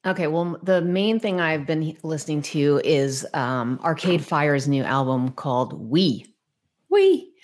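A woman's voice: low voice, moderate pace, hardly any pauses. A woman who is a musician, chatting loosely and playfully, swearing casually. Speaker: musician, podcast co-host. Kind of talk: casual chat.

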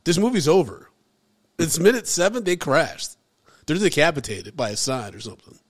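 A man's voice: a little high, very animated, normal speed. A man co-hosting a casual podcast chat, ranting in disbelief and swearing freely. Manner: incredulous, ranting, swears a lot. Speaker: podcast co-host.

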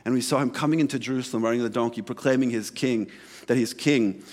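A man's voice: mid-range voice, quick pace, a little mellow. A man, a pastor, preaching a sermon in a conversational way, telling a personal story and acting out bits of dialogue with frequent self-corrections.

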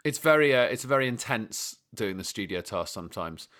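A man's voice: on the low side, animated, moderate pace, a bit bright. A man hosting a podcast, chatting easily and walking through each task step by step. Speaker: podcast host. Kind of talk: casual podcast chat.

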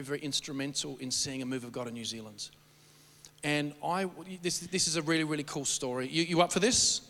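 A man preaching and telling stories, rambling and animated, often stammering and restarting his sentences. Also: a little high. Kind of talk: sermon storytelling. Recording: long hall reverb.

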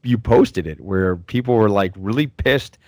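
A middle-aged man in casual chat, a relaxed storyteller who swears casually. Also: lowish voice, moderate pace, dry recording, studio quality.

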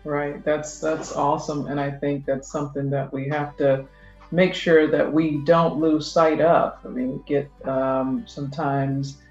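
A podcast host asking questions in a thoughtful, halting way, with many fillers. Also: mid-range voice, little pitch movement, a little mellow, roomy sound, lo-fi sound, soft background music. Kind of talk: podcast interview.

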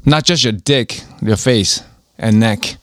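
A man's voice: lowish voice, takes it slowly, fairly bright tone, no room sound, clean studio sound. A man in his forties co-hosting a podcast, tossing in crude jokes and banter. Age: 40s. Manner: joking banter, crude quips. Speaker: podcast co-host. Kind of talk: casual podcast chat.

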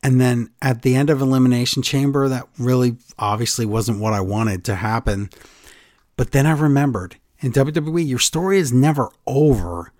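A man recaps events in casual conversation, a storyteller who keeps things moving. His voice is recorded dry and close, with no room echo. It sits at an ordinary male pitch. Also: normal speed. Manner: animated storyteller, acts out quotes. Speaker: podcast co-host recapping wrestling. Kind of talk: casual chat.

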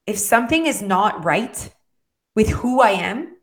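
A woman's voice: medium pitch, animated, unhurried. A woman giving a heartfelt motivational talk on weight and wellness, speaking directly to the listener and checking in often, in a rambling, earnest way. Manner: direct, coaching tone with frequent "okay?" and "right?" check-ins.

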